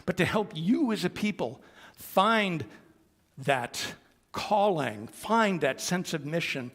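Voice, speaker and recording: Minister guy giving a sermon, kinda high pitched, talky and earnest, echoey sanctuary. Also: animated, slow pace, a bit bright. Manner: earnest, conversational preaching with asides. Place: sanctuary of a congregation. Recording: long reverb of a worship hall.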